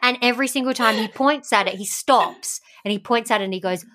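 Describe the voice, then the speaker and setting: A young woman co-hosting a podcast in casual chat, gushing and animated and laughing often. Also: a little high, fairly quick. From Australia. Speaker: podcast co-host.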